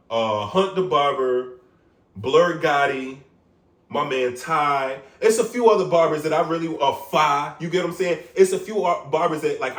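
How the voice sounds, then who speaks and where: Animated New York barber, roomy echo. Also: male voice, on the high side, recorded from a distance. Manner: animated, swearing, repeats "you get what I'm saying". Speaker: barber vlogger. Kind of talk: casual vlog rant. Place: his room at home. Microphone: phone.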